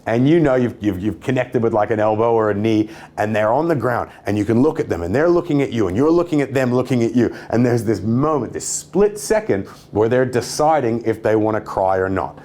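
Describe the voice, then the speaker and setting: A man's voice: medium pitch, expressive, a little fast, hardly any pauses, dark tone. A young man teaching sales techniques, confident and cheeky, stressing a firm downward inflection. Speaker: sales trainer. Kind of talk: instructional talk to camera.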